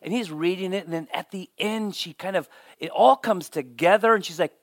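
A man giving a sermon as pastor, telling stories with lively swings and dropping almost to a whisper for emphasis, often repeating words as he starts a sentence. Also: sits high, brisk, dry recording. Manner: animated storytelling, drops to near whisper for emphasis.

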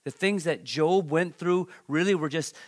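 A man preaching with a voice pitched a little above the usual. He reads scripture with dramatic emphasis, then drops into casual asides to the congregation. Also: a little slow. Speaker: pastor. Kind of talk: sermon.

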